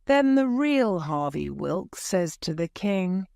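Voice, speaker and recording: A woman with a slightly low voice tells a story slowly and clearly, her pitch rising and falling a lot. The recording is close and dry, with no room sound. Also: very animated, dark tone, dry recording. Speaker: narrator. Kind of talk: graded reader audiobook narration.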